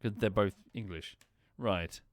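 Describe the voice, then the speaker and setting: A man's voice: on the low side, a little slow, a little hiss or hum. A man streaming a game, thinking aloud as he plays, apologizing and correcting himself along the way. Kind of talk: casual gameplay commentary.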